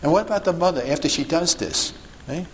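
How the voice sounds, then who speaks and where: A man's voice: a little high, lively intonation, quick pace, slight background noise, rough recording. A man giving an instructional talk to a group as a sidewalk counselor, emphatic and full of rhetorical questions and checks like "okay?" and "see?".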